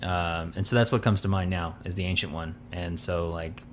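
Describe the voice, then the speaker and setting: A man with a low, steady voice speaks at normal speed while co-hosting a podcast. He chats casually and rambles as he searches for names. There's a little hiss or hum in the recording.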